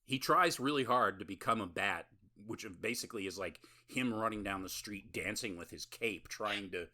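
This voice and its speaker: A man's voice: fairly low pitch, moderate pace, pushed and bright. A male podcast host in casual chat, recapping a film in a rambling, laughing, profane way.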